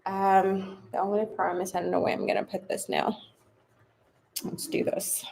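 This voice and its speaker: A young woman with a South African accent chatting casually to camera at home in an animated, playful way. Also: medium pitch, brisk, gravelly, noisy background. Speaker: vlogger. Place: her home.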